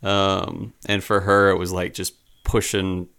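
A man chatting casually on a podcast, rambling and halting with lots of fillers and restarts, a little downcast. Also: low voice, flat delivery, fairly bright tone, clean tone. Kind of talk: casual chat.

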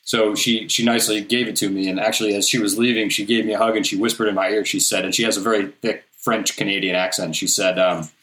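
A man's voice: fairly low pitch, steady tone, quick pace, hardly any pauses, fairly bright tone. A man telling stories casually in an interview, rambling with restarts and fillers. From southeastern Massachusetts. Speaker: guest, documentary filmmaker and collector. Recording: roomy echo.

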